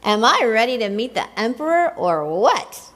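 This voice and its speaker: A woman's voice: a little high, very animated, moderate pace, big-room sound. A woman voicing a cheerful, clumsy male penguin who talks in a chirpy, eager way.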